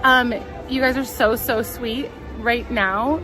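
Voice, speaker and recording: A woman with a fairly high voice livestreams on a phone in a crowded theme park, fighting back tears. She talks herself through her nerves with shaky little laughs. Loud crowd chatter and park music play behind her. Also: steady tone, takes it slowly, rough recording. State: tearful, holding back emotion. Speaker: theme park live streamer. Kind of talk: casual live-stream chat.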